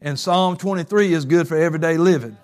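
A male pastor preaching a sermon, talking casually and then building up to fervent, shouted stretches. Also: a little high, fast talker.

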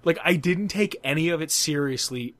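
A man's voice: on the high side, normal speed, fairly bright tone, no echo. A young man co-hosting a podcast, telling a long school story in casual chat, rambling and cursing and laughing at his own jokes. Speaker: podcast co-host.

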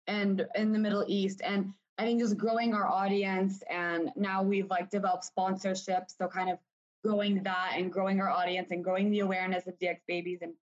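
A woman's voice: medium pitch, level tone, fairly quick. A young adult woman co-hosting a podcast, gushing over a video call and saying "like" constantly. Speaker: podcast co-host. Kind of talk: casual chat on a video call. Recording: dull lo-fi video call audio.

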